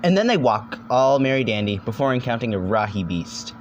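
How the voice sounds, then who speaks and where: A man's voice: medium pitch, very animated, highs cut off, very noisy. A young man narrating a casual comedic video essay, rambling and joking, swearing now and then. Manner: rambling, jokey, swears, quick silly voices.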